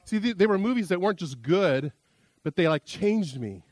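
A man's voice: sits high, animated, moderate pace, a little mellow, no echo. A man preaching a sermon as pastor, a chatty, self-deprecating storyteller who often restarts his sentences.

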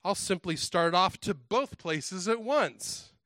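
A fretful, foolish storybook creature that cannot make up its mind, as a man reads it out from a rhyming tale. The voice sits a little high, in a dry, close sound. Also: expressive, slow pace, a bit bright, dry recording, heavily acted. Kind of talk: reading a rhyming children's story aloud.

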